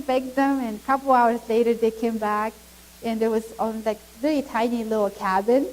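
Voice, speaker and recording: A middle-aged woman with a Mongolian accent tells her story to a church, animated and quick to laugh. Her voice sits a little high but sounds mellow. English is her second language. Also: low-quality recording. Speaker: guest speaker. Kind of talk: church testimony.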